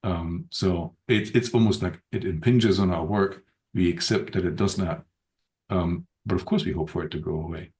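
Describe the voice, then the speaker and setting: Casting: deep-voiced man, measured podcast guest, pauses often to think. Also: steady tone, darkish tone. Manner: thoughtful, measured, frequent ums and restarts. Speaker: podcast guest, open-source community director. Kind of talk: unscripted podcast conversation.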